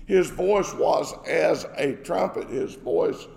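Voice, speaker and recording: A man's voice: on the high side, slow pace, gravelly, hardly any pauses, darkish tone. A man preaching a sermon, emphatic and repeating his phrases for stress. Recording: echoey hall with long reverb.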